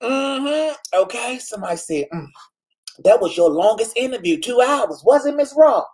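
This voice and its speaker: Flamboyant husky man hosting a live stream. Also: very high voice, normal speed. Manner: flamboyant, exclamatory, animated. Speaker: host of a live online talk show. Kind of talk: casual live-stream chat reading comments.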